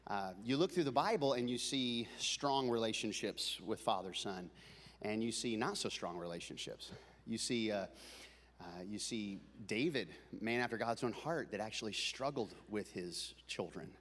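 A man preaching a comic storytelling sermon, animated and building up to shouting. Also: on the low side, in a large hall. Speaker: pastor.

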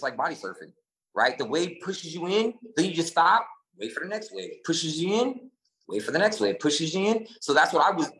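A man casually telling a long story, animated and profane, acting out what people said. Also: a little high, low-quality recording. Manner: animated, profane, acts out quotes.

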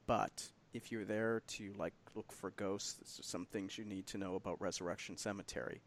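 A man from the Chicago area joking wryly during casual chat, prone to loud laughter. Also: fairly low pitch, steady tone, moderate pace, a little hiss or hum. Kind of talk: casual banter.

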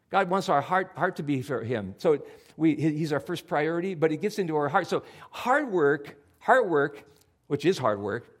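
A man preaching a sermon in a casual, conversational way, acting out his own inner thoughts as he goes. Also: medium pitch. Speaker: pastor.

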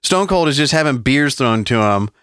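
Animated, profane man telling stories. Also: mid-range voice, normal speed, clear, resonant tone, no room sound, studio quality. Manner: profane, animated storytelling with laughs. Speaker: podcast co-host. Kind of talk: casual chat.

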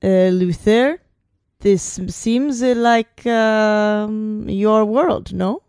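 A woman voicing a seven-foot male forest creature in a halting, deadpan mock French accent during a tabletop game. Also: mid-range voice, clear, resonant tone, no echo, studio quality. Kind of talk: tabletop role-play.

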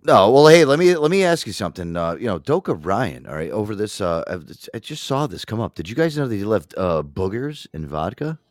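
A man co-hosting a show, telling a story loudly and swearing often. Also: lowish voice, very animated, brisk, few pauses, no room sound, studio quality. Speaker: co-host. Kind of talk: casual profane chat.

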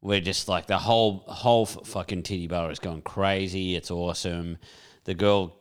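A very low-pitched Australian man co-hosting a podcast. His voice is smooth and resonant. He swaps stories in quick, sweary, matey banter. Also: fairly even intonation. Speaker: podcast co-host. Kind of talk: casual storytelling chat.

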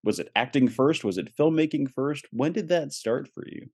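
A man's voice: mid-range voice, expressive, moderate pace, a little mellow, breathy edge, dry recording, studio quality. A man from Colorado hosting a podcast interview, chatty and enthusiastic. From Colorado, USA. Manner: enthusiastic, chatty, frequent laughs. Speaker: podcast host. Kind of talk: casual podcast intro and interview.

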